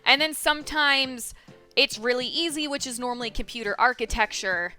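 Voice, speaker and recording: A young woman rambles through a casual vlog with a bright, slightly high voice. She swears freely and pokes fun at herself. Soft music plays faintly behind her. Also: normal speed. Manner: rambling, profane, self-deprecating. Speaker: vlogger.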